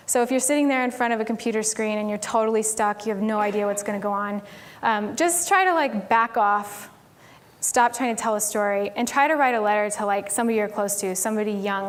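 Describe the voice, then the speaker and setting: Chatty woman speaker, lots of fillers. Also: medium pitch. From Tennessee, US. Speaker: conference speaker. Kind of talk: casual conference talk. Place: conference stage.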